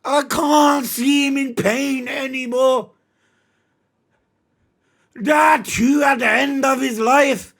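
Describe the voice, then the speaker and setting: Guy yelling thru a live manga reaction, high voice, gravelly, cussing and reading lines out. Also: fairly even intonation, slow pace, pauses often. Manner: shouting, emotional, swearing, reads panels aloud.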